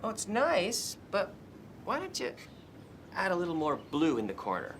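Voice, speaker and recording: A man's voice: sits high, wildly swooping pitch, normal speed, a bit bright, a little hiss or hum, full character voice. A man playing a pushy, meddling painting companion in a comic TV sketch, coaxing and bossy. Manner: bossy, cajoling. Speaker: sketch character.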